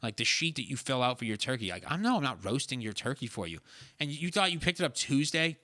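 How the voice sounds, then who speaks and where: A man's voice: mid-range voice, sing-song, quick pace, bright, forceful tone, dry recording, clean studio sound. A young man telling a story in a casual chat, sarcastic and profane. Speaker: podcast co-host.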